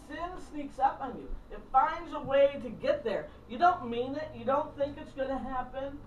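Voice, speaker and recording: Blunt middle-aged woman, distant roomy mic. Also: fairly high pitch. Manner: blunt, candid, acts out phone calls. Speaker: minister and counselor. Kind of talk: casual teaching talk to a small group. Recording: roomy, distant mic, faint background noise.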